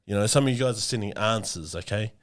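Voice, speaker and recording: A man's voice: fairly low pitch, quick pace. Brash New Zealand man calling everyone mate. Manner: brash, laddish, peppers every phrase with "mate". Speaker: podcast co-host. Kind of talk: comedic podcast banter.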